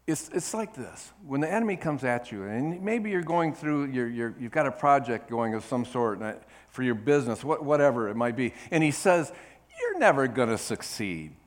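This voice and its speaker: A middle-aged man preaching a sermon with emphasis, moving between loud declarations and quiet asides and calling on the congregation to answer. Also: medium pitch, animated, moderate pace, few pauses. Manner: calls for congregation response. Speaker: pastor.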